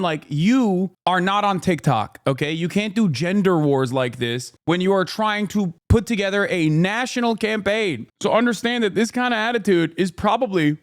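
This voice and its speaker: Brief ranting thirtysomething male streamer, swears a lot, higher-pitched voice, dry close sound. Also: lively intonation, normal speed, no room sound. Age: 30s. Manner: profane, ranting, sarcastic. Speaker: streamer reacting to news clips. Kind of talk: heated political commentary.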